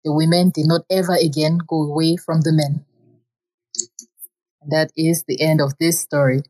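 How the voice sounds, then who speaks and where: A woman with a slightly husky, lowish voice reads an old folk tale aloud. Her telling is plain and steady, with simple repeated phrasing and an unhurried rhythm. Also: poor audio. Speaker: storyteller.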